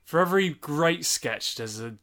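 A man's voice: on the high side, expressive, normal speed, fairly bright tone. Rambling man in casual chat. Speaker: podcast co-host.

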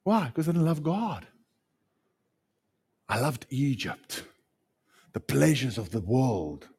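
A man preaching a sermon, swinging between loud emphatic lines and hushed ones. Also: medium pitch, very animated, slow, breathy edge.

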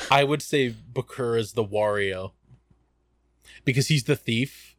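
A man co-hosting a casual podcast, cracking profane jokes and telling animated stories. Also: mid-range voice, slow pace, no room sound, clean studio sound. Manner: profane, jokey, animated storytelling. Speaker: podcast co-host. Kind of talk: casual chat.

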